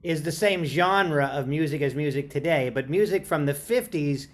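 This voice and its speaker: A man with a slightly high pitch, co-hosting a casual chat. He speaks in a measured way as he puts questions to the guest. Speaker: co-host.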